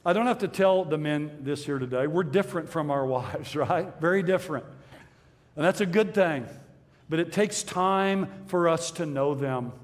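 A middle-aged man preaching a sermon in a church, earnest and measured, repeating his key phrases. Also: on the high side, big-room sound. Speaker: pastor.

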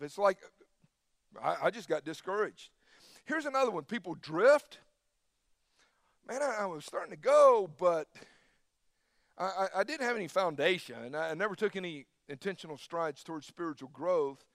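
Male pastor, sermon delivery, emphatic, slightly high voice, dry close sound. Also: animated, moderate pace, pauses often, a bit bright, no echo.

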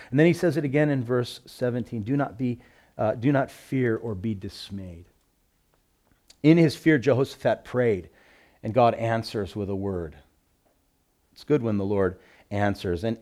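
A male pastor preaching at a medium pitch. He swings between loud, emphatic scripture reading and soft, reflective comments to the congregation. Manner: reads Bible passages aloud with emphasis. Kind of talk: sermon.

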